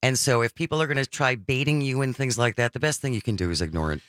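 A man hosting a talk radio show, chatting casually with his co-host and smoothly wrapping up segments. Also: medium pitch, fast talker, a bit bright, no room sound, clean studio sound. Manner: easygoing, wraps up segments smoothly.

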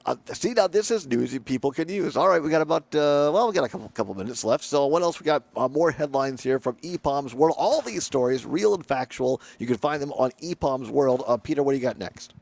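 Male radio host, gravelly, easygoing jokey banter. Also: medium pitch, animated, fairly quick, few pauses, a little mellow. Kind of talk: casual radio talk.

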